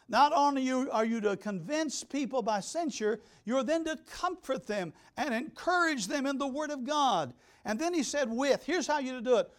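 High-voiced older man preaching emphatically. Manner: emphatic, repeats key words, swings between loud and soft. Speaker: pastor. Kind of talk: sermon. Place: church.

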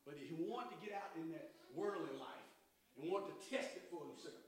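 A man preaching a sermon with call-and-response and rising shouts. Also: sits high, animated, fast talker, recorded from a distance. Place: church. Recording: very echoey church hall, mic from afar.

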